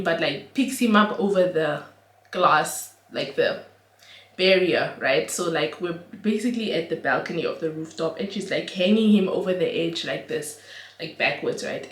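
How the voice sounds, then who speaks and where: A young woman, telling an animated, slangy storytime for her vlog. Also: on the low side, normal speed. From Namibia. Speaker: vlogger. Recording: roomy echo.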